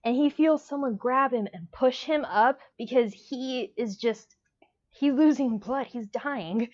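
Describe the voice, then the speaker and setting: Woman gushing about a book in her vlog, kinda high voice, rambly and emotional, muffled lo-fi audio. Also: measured pace, a little mellow. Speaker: book reviewer. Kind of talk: casual book review vlog. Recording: dull lo-fi sound.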